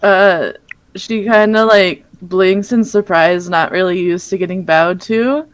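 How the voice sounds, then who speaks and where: A woman's voice: fairly low pitch, measured pace, no echo, poor audio. Woman, tabletop player, rambling narration, lots of fillers, dry close sound. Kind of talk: narrating her character in a tabletop game.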